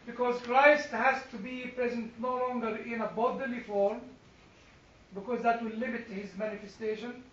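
Very high-pitched and speaking at a moderate pace, a man leads his church Bible class in animated discussion, questioning the group and poking fun at himself. A distant, echoey room mic makes the audio slightly dull.

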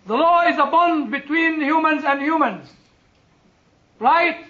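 A man, a chaplain, giving an earnest sermon and telling personal stories, leaning hard on some words and letting quieter phrases trail off. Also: extremely high pitch, lively intonation, slow pace. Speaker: chaplain and preacher. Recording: dull lo-fi recording.

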